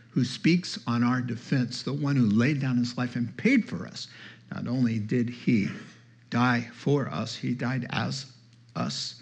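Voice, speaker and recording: A man's voice: mid-range voice, creaky. Emphatic male pastor preaching. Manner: emphatic, quotes scripture, chats with the congregation. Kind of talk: sermon.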